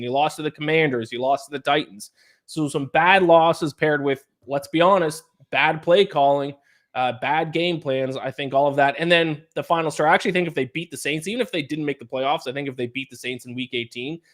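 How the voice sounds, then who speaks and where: A man's voice: fairly high pitch, brisk. A young man co-hosting a sports podcast, breaking down games in long, analytical explanations. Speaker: podcast co-host. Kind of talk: casual sports podcast chat.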